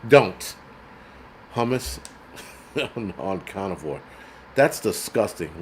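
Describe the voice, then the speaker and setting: A man's voice: low-pitched, big pitch swings, slow, long pauses, slight background noise. A middle-aged man hosting a show, ranting in a profane, sarcastic and blunt way. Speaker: host. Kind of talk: ranting commentary.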